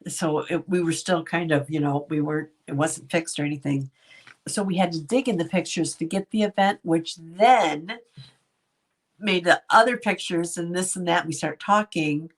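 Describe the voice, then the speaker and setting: A woman's voice: on the low side, moderate pace. A middle-aged woman hosting a casual livestream, talking to viewers by name and laughing often. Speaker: commentary channel host. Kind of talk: casual livestream commentary reading chat.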